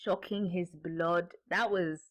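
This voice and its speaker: A woman's voice: on the low side, steady tone, slow pace. A woman co-hosting a podcast, chatting casually about a movie, laughing often and mimicking characters as she retells scenes. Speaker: podcast co-host. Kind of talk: casual movie review chat.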